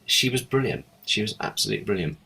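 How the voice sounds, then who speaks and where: A man's voice: fairly low pitch, lively intonation, fast talker, vocal fry, pushed and bright, slightly rough. A middle-aged man, a television script editor, telling fond, rambling anecdotes in an interview. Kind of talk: reminiscing interview answers.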